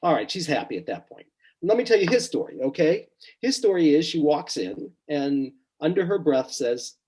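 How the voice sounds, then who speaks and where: A middle-aged man, a psychotherapist, relaxed and storytelling in a podcast interview, quietly acting out his clients' words. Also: fairly high pitch, normal speed, breathy edge, poor audio. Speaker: psychotherapist guest.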